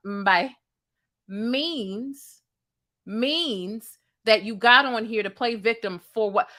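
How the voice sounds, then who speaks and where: A woman's voice: a little high, sharp tone. A woman hosting a reaction commentary, sassy and incredulous, talking straight to the viewer. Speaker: commentary host.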